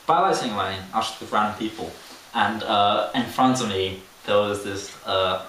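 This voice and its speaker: A man's voice: on the low side, a little fast, a bit bright. A young man co-hosting a podcast, telling a rambling, laugh-filled story and mimicking the voices in it. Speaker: podcast co-host. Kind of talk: casual chat. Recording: roomy, distant mic with faint hiss.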